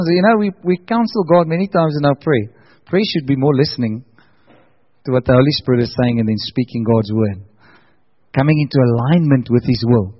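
A man's voice: medium pitch, brisk, warm tone. A middle-aged man preaching a sermon in a chatty, conversational way, often speaking directly to the congregation, on a dull lo-fi recording. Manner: conversational, chatty, with asides to the audience. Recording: dull lo-fi sound.

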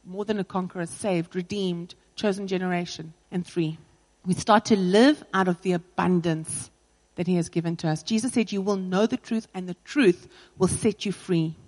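A woman's voice: on the low side, normal speed, a little mellow, big-room sound, low-quality recording. A woman pastor preaching a sermon in an earnest, personal way, driving her points home with repetition.

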